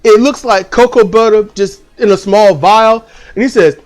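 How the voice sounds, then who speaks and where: A man casually telling a dream story at home, animated and swearing, acting out the people in it. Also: high-pitched, normal speed. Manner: animated, swearing, acts out voices. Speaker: channel host.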